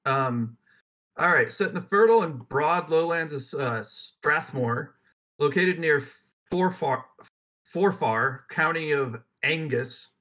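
A man's voice: on the high side, expressive, takes it slowly, pushed and bright. A young man co-hosting a casual podcast, reading facts aloud and riffing with jokes. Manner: rambling, jokey, reads facts aloud then riffs. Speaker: podcast co-host. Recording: dull lo-fi mic.

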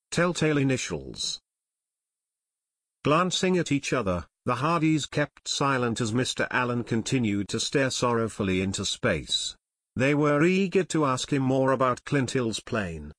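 A man narrating an unabridged audiobook in a measured, steady way. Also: mid-range voice, no room sound. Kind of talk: scripted narration.

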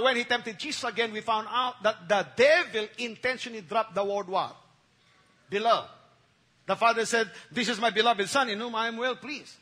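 A man's voice: very high voice, sharp tone, husky. A man preaching a sermon, repeating key phrases and calling on the congregation to respond. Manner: emphatic call-and-response preaching with repetition. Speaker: pastor.

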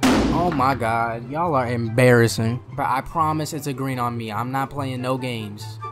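A man commentates his own gameplay live, trash-talking the other players and cursing freely. He jumps between loud, excited outbursts and low, muttered asides. Game music plays clearly behind his voice. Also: measured pace. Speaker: gaming streamer.

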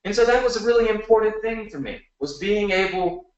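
A man in his thirties giving a motivational webinar pitch, talking straight to viewers and asking them questions. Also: brisk, dull audio. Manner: energetic, talks to viewers with yes-questions. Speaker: online marketing presenter. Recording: echoey room.

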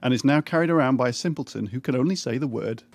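A man narrates a scripted comic recap. His delivery is dry and deadpan, dropping irreverent asides without pausing. His pitch sits in a plain middle range for a man. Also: creaky.

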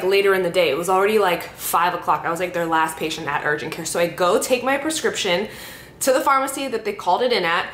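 A young woman vlogging casually to camera, telling stories in a chatty way with lots of "like" and acted-out quotes. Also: fairly bright tone. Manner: chatty storytelling, many "like"s, acts out quotes. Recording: echoey room with faint rumble.

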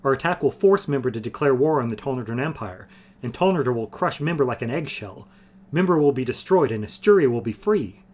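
Guy reading fired-up young patriot dude, intense, loud-ish. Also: mid-range voice, animated, brisk, close to an everyday voice. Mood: fervent. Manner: intense, hot. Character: fiery idealistic young male patriot.

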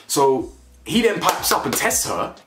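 A man's voice: fairly high pitch, sing-song, a little slow, background noise. A man giving blunt, slangy commentary on a reality show, repeating himself for emphasis. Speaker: reality TV reviewer. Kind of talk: casual opinionated commentary. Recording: echoey room with faint music.

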